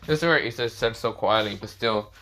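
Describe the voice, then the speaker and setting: Bright-voiced man rambling through a story. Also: lowish voice, a little fast. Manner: rambling, with frequent fillers and restarts. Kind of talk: casual improvised story narration.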